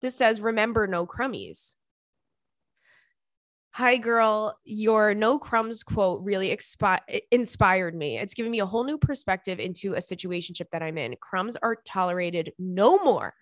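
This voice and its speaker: A young woman hosts a chatty podcast and reads listener emails aloud. Her talk is sassy and full of giggles, at a middling pitch for a woman. The sound is dry and close, with no room echo. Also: expressive, moderate pace. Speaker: podcast host. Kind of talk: casual chat, reading listener emails.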